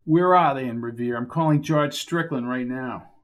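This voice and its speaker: A man's voice: mid-range voice, moderate pace, lightly acted. A man voicing a determined male investigator who talks bluntly and with impatience. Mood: exasperated. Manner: blunt, exasperated, insistent. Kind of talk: audiobook character voice.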